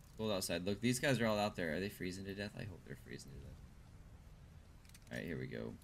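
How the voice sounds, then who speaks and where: A man's voice: low-pitched, expressive, quick pace, creaky, slight background noise. A man casually commenting while he plays a video game and chats with viewers, thinking aloud as he goes. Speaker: streamer.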